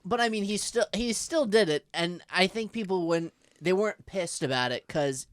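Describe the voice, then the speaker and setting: A man's voice: high-pitched, lively intonation, moderate pace, smooth, no room sound. Rambling American man on a podcast. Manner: rambling, thinks aloud with many likes and restarts. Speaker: podcast co-host. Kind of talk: casual podcast chat.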